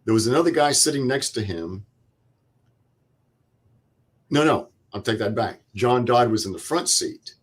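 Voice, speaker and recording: A man's voice: medium pitch, lively intonation. Older man telling a war story. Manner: plain vivid retelling with quoted dialogue and pauses. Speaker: veteran guest. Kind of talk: interview storytelling.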